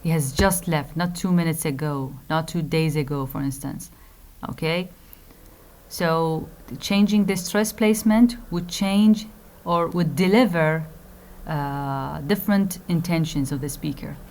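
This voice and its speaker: A woman gives a recorded university phonetics lecture in a fairly low voice. She explains things slowly and carefully, fills pauses with "uh" and "um", repeats key phrases, and drops into Arabic asides to clarify. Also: a little mellow.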